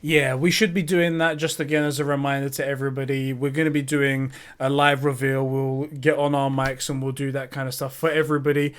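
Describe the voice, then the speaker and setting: A man's voice: medium pitch, level tone, brisk, few pauses, smooth. A man co-hosting a casual gaming podcast, telling stories animatedly, swearing and laughing often. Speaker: podcast co-host.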